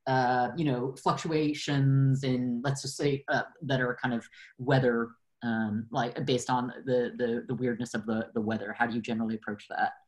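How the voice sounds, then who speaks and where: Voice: mid-range voice, little pitch movement, normal speed. A panel moderator who frames audience questions casually and hesitantly, with many fillers.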